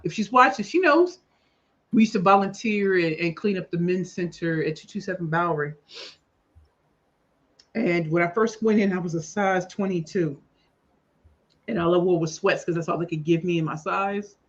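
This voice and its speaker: A woman appearing as a talk show guest, telling her personal story candidly and emphatically, with sudden loud bursts on key words. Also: on the low side, moderate pace, pauses often. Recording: slightly dull lo-fi audio.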